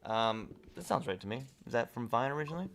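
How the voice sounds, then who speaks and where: Bright-voiced young man reading chat. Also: mid-range voice, animated, quick pace, creaky. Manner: reads viewer messages aloud and replies. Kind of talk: casual live-stream chat.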